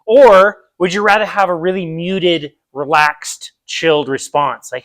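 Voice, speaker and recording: A man's voice: sits high, fairly even intonation, measured pace, few pauses, fairly bright tone, no room sound. A man with an American accent giving a casual nutrition lecture in a park, explaining with vivid everyday examples. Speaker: nutrition seminar presenter. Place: outdoor park.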